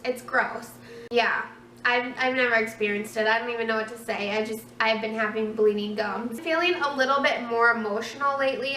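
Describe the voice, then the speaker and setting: A woman's voice: a little high, bright, forceful tone, a little hiss or hum. A young woman in her twenties giving a casual pregnancy update in a chatty, rambling way, full of fillers and restarts. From Minnesota, USA. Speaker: vlogger. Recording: echoey room, mic some distance away.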